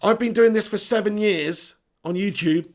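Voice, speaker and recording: A man hosting a live stream, chatting excitedly, laughing and bantering with mild swearing as he reads out viewer messages. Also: sits high, normal speed.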